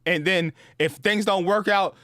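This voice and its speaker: Casual host, male, fairly high voice, dry close sound, swears a lot and acts out sounds. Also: a little slow, fairly bright tone, no room sound. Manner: slangy and profane, peppered with "bro" and "dude". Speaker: gaming channel host. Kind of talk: casual storytelling to camera.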